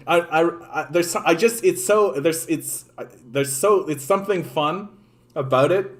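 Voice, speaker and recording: A man's voice: on the high side, sing-song, moderate pace. A Canadian man delivering ranting political commentary, bluntly and with passion, stumbling over repeated words and constant "like" fillers. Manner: blunt and impassioned.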